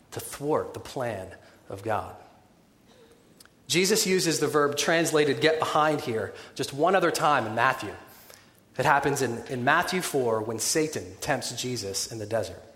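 A man preaching a sermon in a conversational, animated way, with wry humorous asides. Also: medium pitch. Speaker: pastor. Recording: echoey hall with long reverb.

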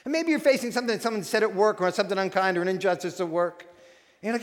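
High-voiced man preaching in a reverberant hall. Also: racing. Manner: animated, acts out quoted voices. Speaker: pastor. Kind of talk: sermon.

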